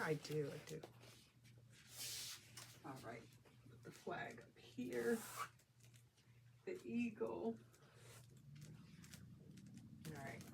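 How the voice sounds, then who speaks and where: A woman's voice: medium pitch, a little hiss or hum. A middle-aged woman talking casually as she works on a quilt, thinking aloud and laughing often. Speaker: quilting vlogger. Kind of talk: casual talk while working.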